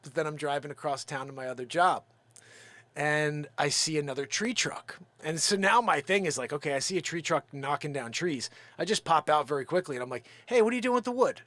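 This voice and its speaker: A lively man talks straight to his viewers in a fairly high voice. He tells a story and acts out each quote as he goes. His voice sounds dry and close, with no room echo. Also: a little fast. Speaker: livestream host and drum builder.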